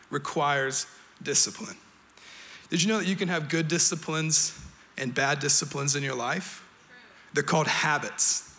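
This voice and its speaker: A male pastor preaching a sermon in a church, energetic and playful, joking with the congregation and sometimes shouting. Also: high voice. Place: church sanctuary.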